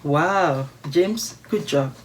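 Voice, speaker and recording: A woman with a low-pitched voice talks straight to camera, reading letters from viewers and reacting to them. She is outspoken and emphatic, and she repeats her points to press them home. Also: very slow, a little hiss or hum. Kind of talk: casual vlog commentary.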